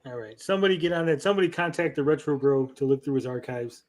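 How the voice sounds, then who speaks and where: A man's voice: on the high side, fast. A man hosting a casual livestream, reading chat messages aloud and teasing his guest. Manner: teasing, playful. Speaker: show host.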